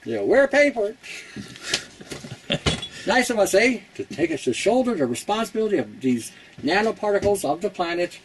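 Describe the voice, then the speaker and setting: A man hosting a casual how-to talk. His voice sits slightly high, and he is blunt and chatty, often laughing at his own jokes. A faint hum of noise sits behind him. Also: very animated, normal speed, pauses often, low-quality recording. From Canada. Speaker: host.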